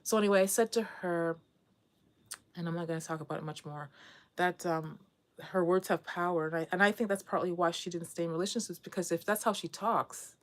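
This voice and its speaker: Middle-aged woman vlogger, lowish voice, candid and rambling, casual to-camera chat. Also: steady tone, a little fast. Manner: candid, rambling, frequent restarts.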